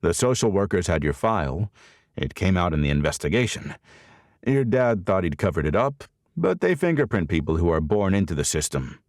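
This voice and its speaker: A man playing a deadpan, wry dad. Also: low-pitched, brisk, dry recording, studio quality. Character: dry-humored middle-aged adoptive father. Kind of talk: audiobook character voicing.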